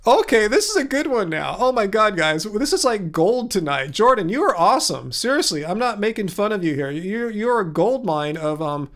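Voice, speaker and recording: A man with a fairly high, sing-song, fairly bright voice hosts a casual livestream, answering viewer comments with sarcasm and disbelief. He rambles at a moderate pace with few pauses, full of fillers and restarts.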